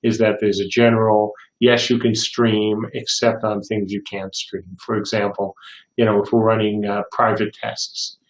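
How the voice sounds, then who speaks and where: A man's voice: fairly low pitch, level tone, normal speed. An older man hosting a casual livestream Q&A, reading viewer questions aloud and answering with rambling anecdotes. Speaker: game studio head hosting a livestream. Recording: roomy echo.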